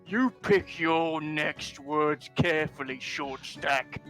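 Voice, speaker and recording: A man voicing a huge, menacing male orc who speaks in a gruff, threatening drawl. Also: fairly high pitch, slow pace, fairly bright tone, soft background music.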